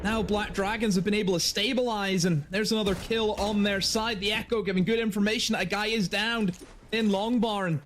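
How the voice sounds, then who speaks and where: Guy casting esports play by play, high voice, gets hyped on plays, little bit of noise behind. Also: fairly even intonation, fairly quick, a bit bright. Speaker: esports commentator. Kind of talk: live esports play-by-play commentary.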